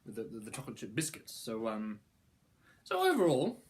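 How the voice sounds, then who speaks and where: A man's voice: mid-range voice, wildly swooping pitch, fairly quick, a little hiss or hum. A young man giving a casual product review, rambling and playful, with mock-grand praise.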